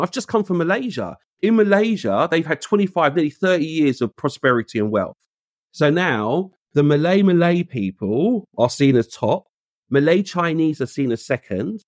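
A man's voice: on the high side, a little mellow, no echo, studio quality. A man, telling a story in casual conversation. He acts out the voices he quotes and uses street slang. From England. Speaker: guest.

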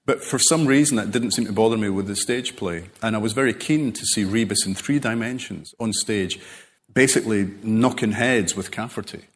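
A man being interviewed as a novelist, telling rambling, animated stories full of self-corrections. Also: lowish voice, normal speed. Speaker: novelist guest. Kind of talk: relaxed conversational interview.

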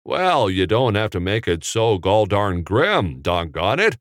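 A man's voice: lowish voice, sing-song, a little slow, a bit bright, dry recording, studio quality. A man playing a good-humored veteran male film star who speaks with a folksy drawl. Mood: teasing.

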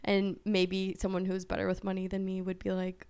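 A woman's voice: mid-range voice, level tone, moderate pace, clean tone. A woman chatting on a podcast, talking freely with lots of fillers. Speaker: podcast guest. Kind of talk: casual podcast chat.

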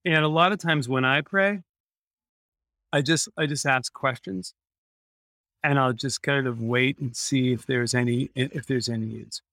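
A man's voice: mid-range voice, steady tone, a little slow, bright, forceful tone, no echo, clean studio sound. A man, a podcast guest, telling a personal story in an earnest way and repeating phrases for emphasis.

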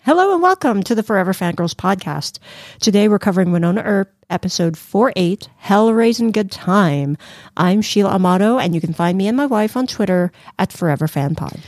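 A woman's voice: mid-range voice, animated, brisk, a little mellow, no echo, studio quality. A woman co-hosting a fan podcast in casual chat, with an easygoing, teasing manner. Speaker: podcast co-host.

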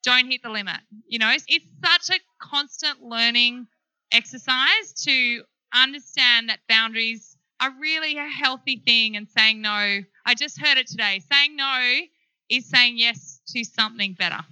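Frank, lively woman founder on a panel; slightly high, dry close-miked voice. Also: unhurried, clean tone, no echo, low-quality recording. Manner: animated, frank storyteller. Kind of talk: live panel discussion.

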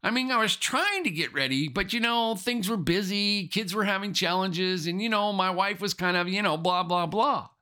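A man's voice: sits high, expressive, moderate pace, few pauses, bright, forceful tone. A man voicing an unprepared, easygoing male marathon runner who talks in an offhand, excuse-making way. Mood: sheepish.

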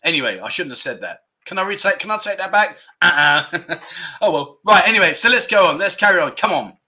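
Bright-voiced man rambling on a livestream. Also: sits high, expressive, fairly quick. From England. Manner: rambling, self-deprecating banter, reading out viewer comments. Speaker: livestream host. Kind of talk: casual livestream chat.

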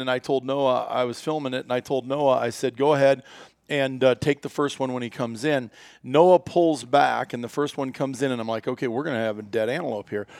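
A middle-aged man with a gravelly, fry-laden voice, recorded in a dry space. He tells a story in a casual interview, rambling and full of ums, uhs and restarts. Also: mid-range voice, dry recording. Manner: rambling, many fillers and restarts. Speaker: company founder.

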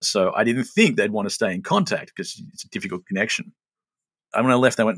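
An Australian man in his late forties telling stories in a relaxed, self-mocking way as a guest. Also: on the low side, fast talker, breathy edge, no room sound. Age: 40s. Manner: chatty, self-mocking storyteller. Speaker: guest, show creator. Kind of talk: casual interview chat.

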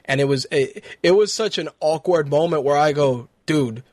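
A man's voice: fairly high pitch, normal speed, a little mellow, no echo, clean studio sound. A man hosting an internet radio talk show in a casual, chatty way, with loose swearing and a run of fight news. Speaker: podcast host.

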